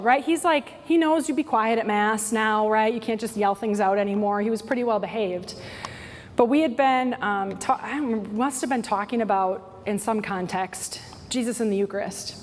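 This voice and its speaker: A woman in her forties giving a workshop talk to church staff, telling stories in an animated way and often adding "right?". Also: a little high, moderate pace. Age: 40s. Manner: animated storytelling, tag questions like "right?". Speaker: workshop speaker. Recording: hall reverb, faint noise.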